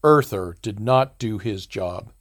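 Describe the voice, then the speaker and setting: A man's voice: medium pitch, moderate pace, no room sound, clean studio sound, pitched above the performer's own voice, lightly acted. A man voicing a sleazy, contemptuous male bar owner in an audiobook, speaking in a stern, clipped, accusing way.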